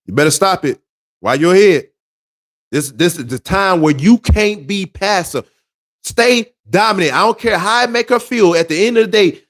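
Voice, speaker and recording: Brief: high-voiced man, relationship-advice monologue, preachy, emphatic, lively swings. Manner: emphatic, repetitive, street-preacher cadence.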